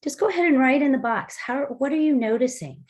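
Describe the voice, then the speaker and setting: A woman leading an online mindful movement and breathing class, guiding gently and slowly with soft breathy cues, over a video call. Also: high voice, lively intonation. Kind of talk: guided movement and breathing lesson.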